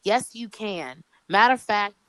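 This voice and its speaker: A woman comedian, a podcast guest speaking by phone, telling a story in an animated way with many restarts. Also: medium pitch, measured pace, no room sound, poor audio. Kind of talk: casual chat.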